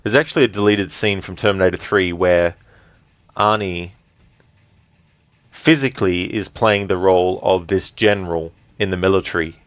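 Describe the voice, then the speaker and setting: A man's voice: sits low, moderate pace, no echo. A man streaming a game, chatting casually, reading chat aloud and swearing now and then. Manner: relaxed, chatty, reads chat aloud, swears, laughs often.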